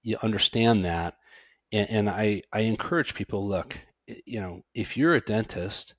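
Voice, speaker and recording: A man's voice: fairly low pitch, moderate pace, no echo, dull audio. A middle-aged man, an accountant and podcast guest, talking casually and animatedly, with frequent restarts. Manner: animated, self-deprecating, stammers on restarts.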